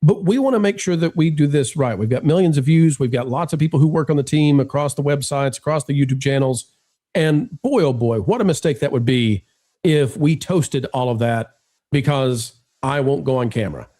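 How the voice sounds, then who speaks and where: A man hosting a live stream in casual chat, animated and joking as he talks straight to his viewers. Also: a little high, moderate pace. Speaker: livestream host.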